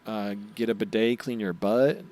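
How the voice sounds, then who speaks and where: A man co-hosting a casual podcast, recapping anime episodes, excitable and swearing, acting out character lines in quick voices. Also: on the low side, slight background noise. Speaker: podcast co-host.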